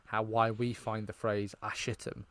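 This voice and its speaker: A man's voice: fairly low pitch, moderate pace, very noisy. A British man co-hosting a podcast in casual chat, telling stories with energy and quoting lines he finds funny. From Britain. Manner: animated storyteller, quotes film lines and laughs at them. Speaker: podcast co-host.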